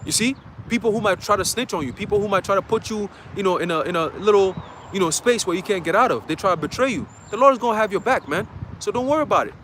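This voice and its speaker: Guy preaching on the street, high voice, slangy and dramatic, faint city noise behind. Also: fast talker, a bit bright. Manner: emphatic, checks in with "okay?". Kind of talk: street sermon.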